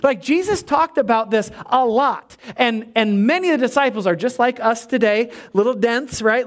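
Male pastor, sermon, high voice, animated, emphatic, repeats phrases. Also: moderate pace, hardly any pauses.

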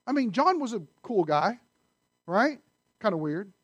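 A man preaching a sermon in a conversational way, asking the listeners questions and swinging between loud emphasis and hushed asides. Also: sits high, very animated, a little slow, breathy edge, dry recording, lo-fi sound. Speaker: pastor.

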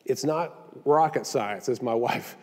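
A man's voice: mid-range voice, measured pace, in a large hall. A male pastor delivering a sermon in a conversational style, mixing in joking asides, recorded in a church sanctuary.

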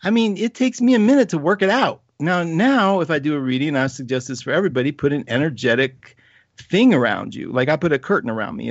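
Chatty animated man telling a story. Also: medium pitch, dry recording, highs cut off. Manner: chatty, animated, self-mocking, with frequent laughs and "like". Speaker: astrology show host. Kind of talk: casual storytelling monologue.

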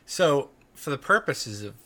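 A man's voice: medium pitch, sing-song, a little slow, pushed and bright. A man co-hosting a podcast in casual chat, rambling along with lots of "like" fillers. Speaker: podcast co-host.

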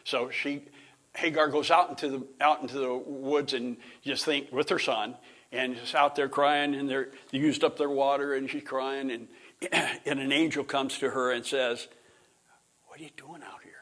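A middle-aged man gives an informal Bible lesson, speaking at a mid-range pitch. He rambles, restarts his sentences and clears his throat often. Now and then he chuckles between points. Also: level tone, normal speed, fairly bright tone. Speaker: Bible teacher. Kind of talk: informal classroom lecture.

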